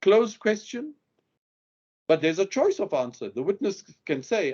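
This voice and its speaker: A man's voice: high voice, very animated, unhurried, dark tone, lo-fi sound. A man teaching lawyers how to question witnesses, who acts out the example questions and leans hard on the key words. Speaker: legal skills instructor. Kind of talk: lecture on courtroom questioning.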